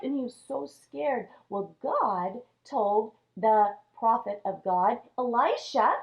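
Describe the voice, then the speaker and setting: A woman teaching Sunday school, telling a Bible story to children in an animated way. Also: high voice, measured pace, few pauses. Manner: animated, acts out characters' lines. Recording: dull lo-fi recording.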